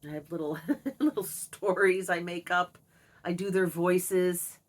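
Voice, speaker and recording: Husky, low-voiced woman confiding. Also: steady tone, a little slow. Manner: reflective, confiding, with fillers. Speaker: vlogger. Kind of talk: candid personal monologue.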